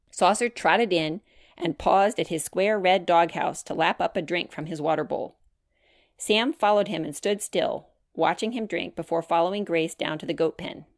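A woman narrates her own children's chapter book in a clear, measured storytime voice. Her voice sits slightly low. The recording is close and dry. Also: no room sound. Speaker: author reading her book.

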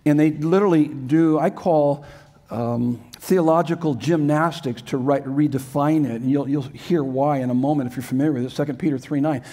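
An older man preaches to his congregation in a church sanctuary. His voice sits on the higher side. He talks in an earnest, emphatic way and presses his listeners with rhetorical questions. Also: moderate pace, mellow. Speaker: pastor. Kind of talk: sermon.

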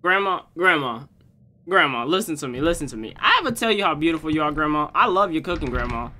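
A young man hosting a gaming channel, joking and trash-talking his way through a horror game, swinging from low mutters to loud yelps. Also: expressive, fast talker. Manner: joking trash talk at the game's granny. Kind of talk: horror game let's play commentary.

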